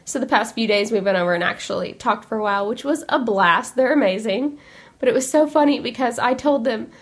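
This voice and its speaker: A woman's voice: a little high, animated, normal speed, husky. A young woman hosting a podcast, a little congested, chatting in a rambling, upbeat way. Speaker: podcast host. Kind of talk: casual chat.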